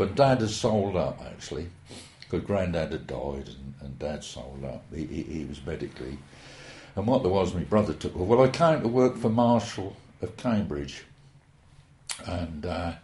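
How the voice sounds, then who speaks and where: A man's voice: deep voice, mellow. A man, reminiscing at length in a rambling, hesitant, folksy way. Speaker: interviewee. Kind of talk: oral history reminiscence. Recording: roomy echo.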